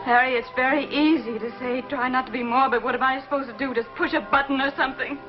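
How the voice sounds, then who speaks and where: A woman's voice: high voice, steady tone, quick pace, close to an everyday voice. An actress playing a tearful, stammering woman on the phone. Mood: pleading. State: crying. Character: lonely woman begging an estranged lover on the phone. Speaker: distraught caller. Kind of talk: 1950s television drama acting. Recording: dull old TV soundtrack with music.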